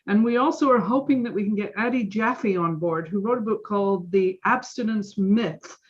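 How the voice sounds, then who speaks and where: A woman's voice: medium pitch, normal speed, highs cut off. A woman on a video call, enthusiastically announcing the next month's guests. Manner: upbeat and enthusiastic.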